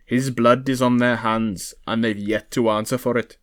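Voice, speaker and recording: A man reading aloud, voicing an earnest young prince who speaks in a measured, wry way. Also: mid-range voice, steady tone, no echo, studio quality, lightly acted. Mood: determined.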